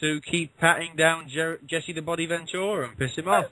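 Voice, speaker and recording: A man's voice: a little high, steady tone, moderate pace, sharp tone, no room sound, rough recording. A man co-hosting a wrestling talk radio show, throwing in crude jokes. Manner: crude joking interjections.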